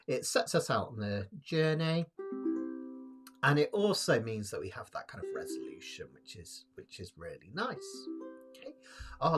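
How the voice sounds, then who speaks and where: A man teaching a live-streamed ukulele lesson, patient and encouraging, counting beats aloud as he explains chords. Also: mid-range voice. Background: ukulele playing.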